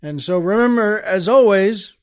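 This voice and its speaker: A middle-aged man with a notably high voice hosts his show, spinning a comic anecdote for his listeners. He talks in a wry, exasperated way and keeps calling them folks. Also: expressive, moderate pace. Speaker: podcast host. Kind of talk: comic storytelling monologue.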